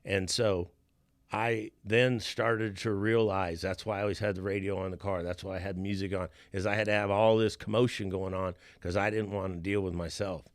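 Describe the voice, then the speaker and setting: Low-voiced middle-aged man telling a personal story. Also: flat delivery, no room sound. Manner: halting, repeats words and restarts phrases, earnest; casual, says "man" and "dude" often. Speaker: podcast host.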